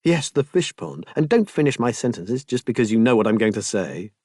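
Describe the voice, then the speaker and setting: A man voicing a witty, emotional young gentleman lover in an audiobook, tearful and teasing. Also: mid-range voice, sing-song, brisk, dry recording, studio quality. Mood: tender.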